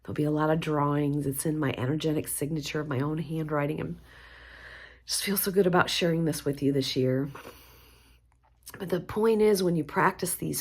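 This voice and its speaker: A woman leading a guided mantra practice, speaking gently and encouragingly. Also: sits low, normal speed, breathy edge. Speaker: spiritual teacher.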